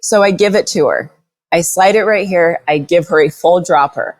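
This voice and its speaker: A woman who runs a dog rescue, telling a story as a podcast guest in an animated, blunt way, swearing freely. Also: fairly low pitch, normal speed.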